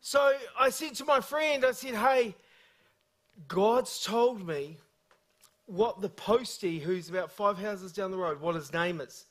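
Energetic New preacher with a high voice. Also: male voice, slow. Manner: storytelling, humorous and energetic. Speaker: guest preacher. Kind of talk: sermon.

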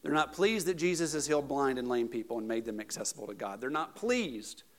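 A male pastor preaching a sermon, moving between casual asides and loud, emphatic peaks. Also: mid-range voice, steady tone, fast.

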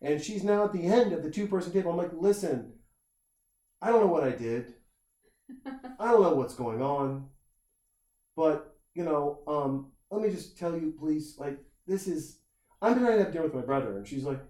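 A man's voice: a little high, fairly quick. Man telling a wild story, roomy sound. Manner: animated anecdote telling with quoted voices and swearing. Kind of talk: casual storytelling chat. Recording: roomy echo.

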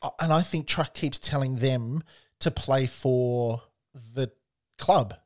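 A man's voice: mid-range voice, takes it slowly. A man in casual chat about football, searching for words and cutting in with questions. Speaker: football podcast co-host.

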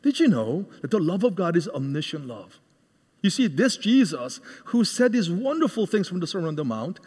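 Guy giving a sermon, keeps asking the crowd questions, swoopy voice. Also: sits high. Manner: animated, asks the congregation questions. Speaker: guest preacher. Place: church hall. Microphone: cordless microphone. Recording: reverberant hall.

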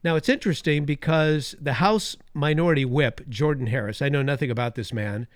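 A man's voice: mid-range voice, a little fast, no room sound, studio quality. A man hosting a talk radio show, delivering an opinionated monologue with emphatic repetition and sarcastic asides. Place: radio studio.

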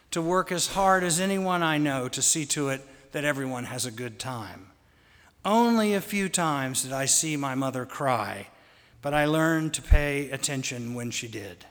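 A man telling fond, gently humorous family stories in a sermon. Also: fairly high pitch. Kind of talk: anecdotal storytelling sermon. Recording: long hall reverb.

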